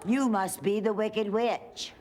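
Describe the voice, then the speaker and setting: A woman's voice: medium pitch, fairly even intonation, takes it slowly, heavy background noise, pitched above the performer's own voice, natural voice. Older woman doing a polite young prince. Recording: studio audience laughter behind.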